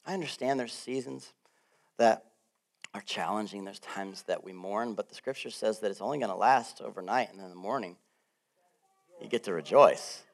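A middle-aged man preaching a sermon as pastor, animated and laughing often, swinging between loud bursts and soft asides. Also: fairly low pitch, normal speed, vocal fry.

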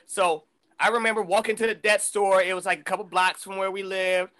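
A middle-aged man from the Bay Area, a guest rapper telling stories in a loose, profane, animated way with lots of restarts. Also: high voice, fairly quick. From San Francisco Bay Area. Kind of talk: casual storytelling chat.

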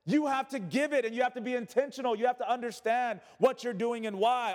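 A male pastor with a notably high voice delivers a sermon, reading scripture before pressing his point with emphatic repeated phrases and casual asides. His voice carries a long reverb from a large hall. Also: a little fast. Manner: preaching with emphatic repetition, colloquial asides.

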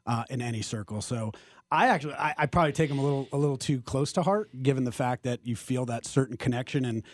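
A man from New Jersey talks fast as a studio guest on a casual sports radio show. He often repeats words as he gets going. His voice is mid-range and the sound is dry. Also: mid-range voice, no echo.

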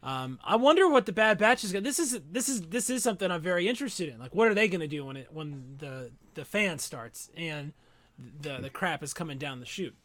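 A man talking casually on a podcast, animated and quick with asides. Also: a little high, no room sound. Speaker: podcast co-host. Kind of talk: casual chat.

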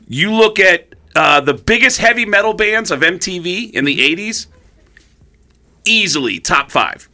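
Man telling a funny story, animated, bright and sharp-toned, fairly high. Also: unhurried. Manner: animated, many restarts. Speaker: storyteller guest. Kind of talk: comedic anecdote telling.

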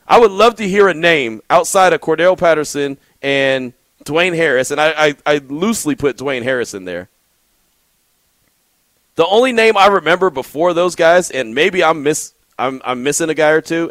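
A man's voice: on the high side, expressive, moderate pace, a bit bright, no room sound. A man hosting a call-in sports radio show, chatty, often laughing and restarting his sentences.

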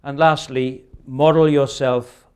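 A man's voice: mid-range voice, flat delivery, takes it slowly, clean tone. A man in his sixties preaching a sermon, earnest and emphatic, often ending points with rhetorical questions. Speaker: pastor.

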